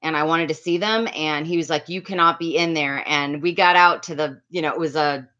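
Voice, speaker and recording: Middle-aged woman rambling to her stream chat, low voice, kinda lo-fi dull audio. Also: a little fast, fairly bright tone. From Miami area. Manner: chatty, reads out viewer names. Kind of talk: casual storytelling to chat.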